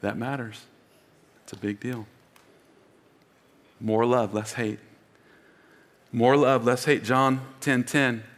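A pastor with a medium-pitched, steady voice takes it slowly, leaving long pauses, as he emphatically preaches and leads call-and-response. He wears a mic in a church auditorium, recorded with long hall reverb.

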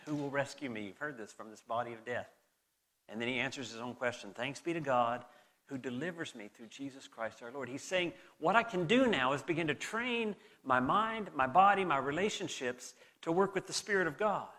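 A middle-aged man with a softened Southern American accent, preaching a sermon in an earnest, conversational way and reading scripture aloud. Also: medium pitch, expressive, moderate pace. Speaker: pastor.

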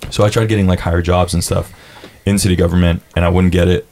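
A man's voice: low voice, level tone, fast, darkish tone. A young man chatting casually on a podcast, telling stories, saying dude a lot and swearing as he acts out what people said. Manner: laid-back storyteller, says dude a lot, swears, acts out quotes. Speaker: podcast guest. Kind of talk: casual chat.

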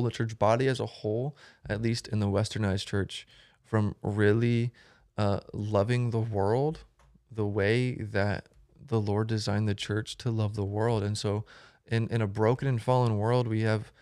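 Young man, low voice, casual podcast guest, rambling, dry recording. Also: fairly even intonation, a little slow, darkish tone, no echo. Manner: rambling, many ums and restarts. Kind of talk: casual conversation.

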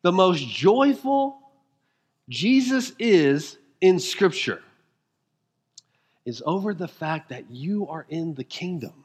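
A male pastor with a notably high voice delivers his sermon. He speaks emphatically and keeps asking the congregation questions, dropping to quiet intensity before building back up with fervor. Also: very animated, takes it slowly, pauses often, husky. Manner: swings between quiet intensity and rising fervor.

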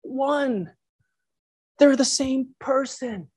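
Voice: sits high, very slow, darkish tone, breathy edge. A preacher delivering a reflective sermon, posing rhetorical questions to the listeners.

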